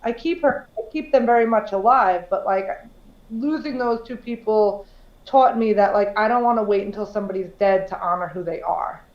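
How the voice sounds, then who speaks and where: A woman's voice: medium pitch, moderate pace, roomy sound, lo-fi sound. A woman co-hosting a podcast in casual chat, candid and swearing freely, with lots of "like". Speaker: podcast co-host.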